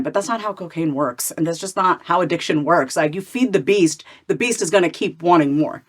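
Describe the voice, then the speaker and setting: A woman's voice: lowish voice, fairly quick, few pauses. A woman, a therapist telling her story candidly in a podcast interview and acting out her past thoughts in quotes. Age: 30s. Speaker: guest, therapist and coach.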